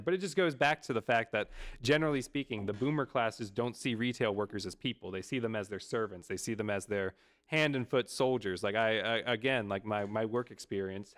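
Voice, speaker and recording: A man's voice: medium pitch, expressive, a little fast, a bit bright. A young adult man streaming, talking casually and rambling with many fillers and restarts. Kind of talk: casual chat.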